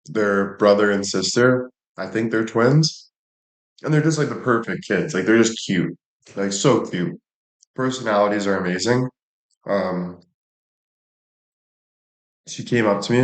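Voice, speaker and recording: A young man livestreaming, telling rambling stories in a casual chat with lots of swearing. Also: fairly low pitch. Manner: crude, rambling storytelling with frequent swearing. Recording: echoey room.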